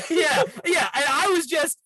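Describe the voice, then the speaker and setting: A man's voice: very high-pitched, measured pace, no room sound, low-quality recording. A man in his thirties, a comedian guest telling a wild, profane party story in casual chat. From Canada. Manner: animated, profane, rambling anecdotes.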